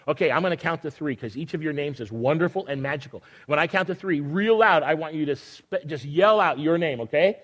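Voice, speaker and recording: A high-pitched older man gives a children's sermon, reading a picture book and joking with the kids as he goes. His manner is teasing and warm-humored, and he keeps the group involved. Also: fairly quick, hardly any pauses.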